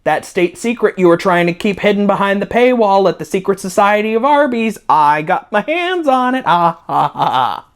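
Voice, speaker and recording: A man's voice: high-pitched, expressive, normal speed, few pauses, clear, resonant tone. A man hosting a comedic review video from home, ranting in a sarcastic, profane, rambling way. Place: at home with a dog.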